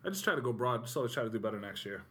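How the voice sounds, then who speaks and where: A man co-hosting a casual podcast chat, tossing in quick joking quips. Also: medium pitch, sing-song, a bit bright.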